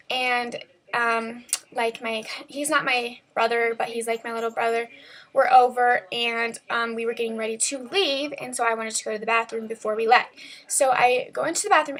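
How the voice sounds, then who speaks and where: A woman's voice: on the high side, a bit bright. A teenage girl vlogging, telling a story in a rambling, chatty way full of "like" and "um", recorded at home on a camera mic. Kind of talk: casual storytelling vlog.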